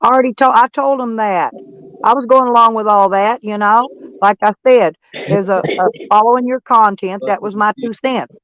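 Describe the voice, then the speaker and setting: A woman's voice: a little high, moderate pace, a bit bright, dry recording, rough recording. Blunt, crude woman livestreamer. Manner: blunt, crude, laughs often. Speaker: livestream host. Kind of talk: casual livestream chat. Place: in a van.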